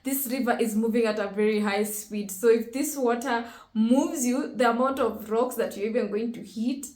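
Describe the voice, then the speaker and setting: A woman's voice: on the high side, normal speed, darkish tone. A woman hosting a reaction video, talking casually and emotionally, exclaiming often and thinking aloud. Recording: roomy echo with faint music.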